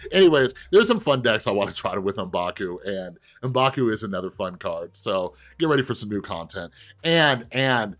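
Lowish guy chatting through his card game, super animated ups and downs, little bit of music in the back. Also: normal speed. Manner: animated, chatty, talks to viewers, bursts of excitement. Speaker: gaming video host. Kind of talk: casual gameplay commentary.

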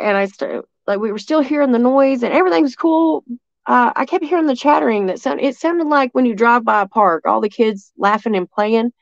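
A woman from East Tennessee with a Southern accent, telling a story as a guest in a rambling, excitable way full of restarts. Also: on the high side, no echo, dull audio. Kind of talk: casual storytelling.

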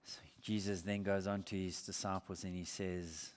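A man's voice: low-pitched, flat delivery, normal speed. A male pastor from Australia preaching a sermon in an earnest, emphatic way, asking the congregation rhetorical questions. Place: church sanctuary. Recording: long hall reverb.

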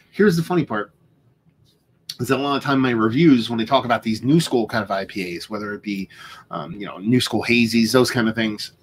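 A man's voice: mid-range voice, a little hiss or hum. A young man co-hosting a beer tasting livestream, chatting casually with a joking, rambling, foul-mouthed manner.

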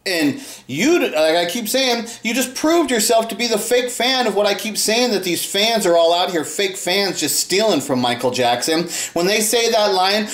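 Angry high-voiced man ranting, echoey room. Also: animated, normal speed, hardly any pauses, fairly bright tone. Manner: angry, profane, repeats himself, voice jumps high when upset. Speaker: video host. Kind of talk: ranting commentary.

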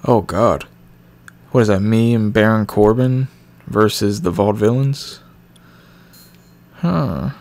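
A young man giving casual let's-play commentary on a video game, candid and reacting loudly to what happens on screen. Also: lowish voice, a little slow, vocal fry, long pauses. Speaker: gameplay commentator.

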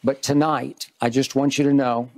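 An older man, a TV sports debate host, giving an earnest and measured on-air tribute to his departing co-host. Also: mid-range voice, level tone, a little mellow. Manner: measured, earnest, reads in repeated phrases.

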